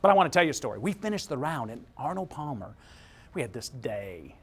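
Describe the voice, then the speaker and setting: Lively, punchy motivational speaker man. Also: mid-range voice, fairly quick, breathy edge. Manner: energetic, punchy storyteller who repeats himself for emphasis. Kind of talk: inspirational keynote talk.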